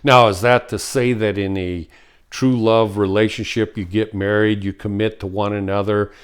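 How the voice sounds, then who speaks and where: A man giving an earnest spiritual talk, slow and heartfelt, acting out quoted voices along the way. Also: on the low side, steady tone, smooth. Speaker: spiritual teacher.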